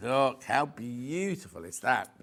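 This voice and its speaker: A man's voice: mid-range voice, very animated, slow pace, a bit bright. A man with a Yorkshire accent presenting a live shopping show, gushing and rambling in easy chat. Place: TV studio.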